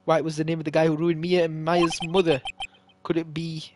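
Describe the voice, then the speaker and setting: A streamer reading a story game aloud, voicing the lawyer hero with animated, joking asides. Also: medium pitch, fairly quick, background noise. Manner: animated, jokey asides, swaps voices between characters. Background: loud game music.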